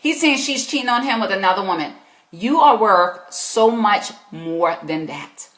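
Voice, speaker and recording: In an echoey room, a South Carolina-accented Christian life coach answers live stream questions, preachy and emphatic, and replies to viewers' comments. Her mid-range voice is animated, a bit bright, and unhurried.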